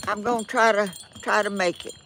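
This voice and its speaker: A woman's voice: mid-range voice, steady tone, brisk, fairly bright tone, a little hiss or hum. An older woman from Georgia with a Southern accent, chatting in a rambling, apologetic way to viewers of her live stream outdoors on a breezy morning, talking into a phone or tablet on a tripod. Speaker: vlog host. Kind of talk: casual live-stream chat.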